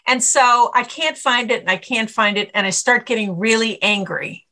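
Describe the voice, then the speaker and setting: A middle-aged woman, a stress coach, answering interview questions and telling lively anecdotes in which she acts out her own inner voice. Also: a little high, moderate pace. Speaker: author and stress coach guest.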